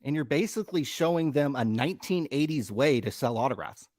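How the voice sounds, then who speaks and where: Fired-up man ranting, lively pitch. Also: fairly quick, no room sound, clean studio sound. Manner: profane, emphatic, worked up. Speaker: podcast co-host. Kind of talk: heated live-stream rant. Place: live show studio.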